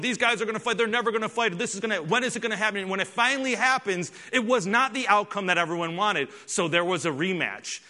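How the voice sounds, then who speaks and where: A man preaching a sermon, telling a story with animated delivery and frequent restarts. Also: sits high, big-room sound. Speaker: pastor.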